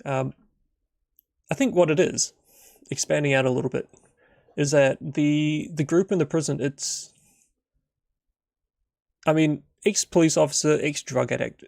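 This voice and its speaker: A man's voice: fairly high pitch, unhurried, gravelly, pauses often, darkish tone, dry recording, clean studio sound. A young adult man narrating a solo tabletop role-playing session as game master, rambling with many fillers.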